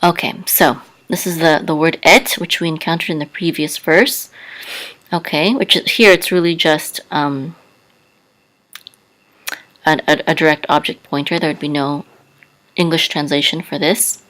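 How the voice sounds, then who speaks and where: Woman, language teacher, deep for her sex, slow and soft-spoken, patient. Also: fairly even intonation, rough recording. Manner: soft-spoken, careful, spells out sounds with many fillers. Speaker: Hebrew teacher.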